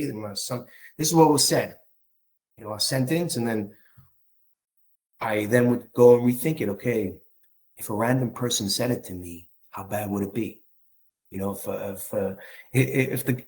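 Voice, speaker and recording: Man, candid personal talk, halting restarts, middle-pitched voice. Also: expressive, low-quality recording. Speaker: speaker on marriage.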